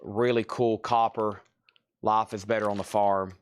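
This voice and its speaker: A man hosting a live record sale, briskly calling out items and prices and repeating buyers' names. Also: lowish voice, little pitch movement, a little hiss or hum. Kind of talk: live-stream sales patter.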